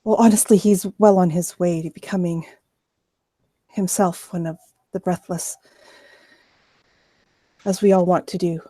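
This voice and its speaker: A woman's voice: on the low side, steady tone, measured pace, long pauses, warm tone, dry recording. A woman narrating as game master of a tabletop game, sometimes hesitant as she searches for words.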